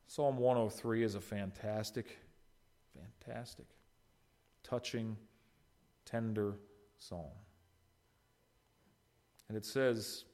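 A man preaching an expository sermon, swinging from loud emphatic peaks to soft low endings, with conversational asides to the congregation. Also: slow, pauses often. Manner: conversational, teases congregants by name. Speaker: pastor.

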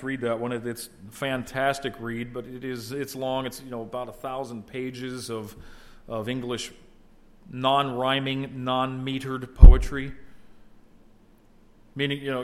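A middle-aged male pastor delivering a sermon, his voice at an ordinary mid pitch. He talks to his listeners casually, then swells into emphatic bursts when a point lands. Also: fairly bright tone. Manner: conversational preaching, rising to emphatic exclamation.

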